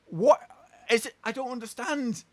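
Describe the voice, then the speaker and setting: A man's voice: extremely high pitch, moderate pace. A British man hosting a reaction video, mocking and swearing in an exasperated rant.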